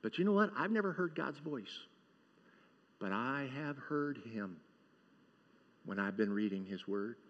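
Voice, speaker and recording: A man's voice: medium pitch, expressive, measured pace, pauses often. A man preaching a sermon to his congregation, talking in a loose, joking way and often asking them for an amen. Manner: conversational and joking, asks the congregation for responses. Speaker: pastor. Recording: dull sound with long hall reverb.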